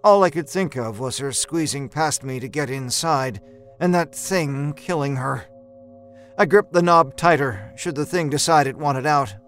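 Man telling a horror story over soft music. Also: fairly high pitch, measured pace. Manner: tense, hushed narration with sudden shouts. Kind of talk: first-person horror story narration. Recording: narration with a faint music score.

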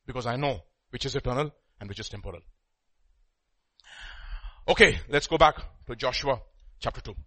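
A man preaching a sermon, swinging from hushed murmurs to loud stressed lines and slowing down to stress key words. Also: medium pitch.

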